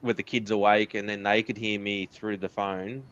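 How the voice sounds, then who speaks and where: A man's voice: on the low side, flat delivery, moderate pace, a bit bright, clear, resonant tone. Earnest Australian man, dull lo-fi recording. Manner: candid, earnest storytelling with laughs. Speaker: interview guest. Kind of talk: casual interview chat.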